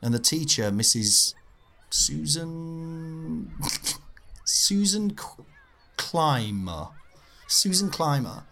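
A man telling a comic story in a meandering, deadpan way, stopping to add details he forgot. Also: fairly high pitch, extremely slow, long pauses. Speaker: comedian guest.

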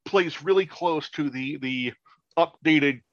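A man co-hosting a podcast in casual chat, halting and crude in a blunt way. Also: fairly high pitch, no room sound, highs cut off. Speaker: podcast co-host.

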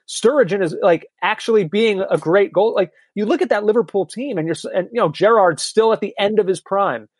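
A man co-hosting a podcast with a slightly high voice, chatting easily and reflectively. The sound is dry and close to the mic. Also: expressive, normal speed, a little mellow, no room sound. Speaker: podcast co-host. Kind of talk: casual chat.

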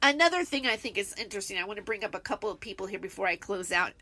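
A woman's voice: mid-range voice, animated, rapid-fire, sharp tone. A woman hosting a solo podcast, talking in an indignant, heated, rambling way with many fillers. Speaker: podcast host.

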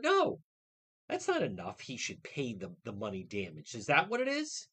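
A man hosting a radio talk show, ranting indignantly and mocking others' words in quick put-on quotes. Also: mid-range voice, wildly swooping pitch, fairly bright tone, slightly rough.

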